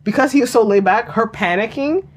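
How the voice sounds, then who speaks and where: A woman in casual conversation about a TV drama, animated and laughing often, acting out quotes. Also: on the high side, a little fast, husky.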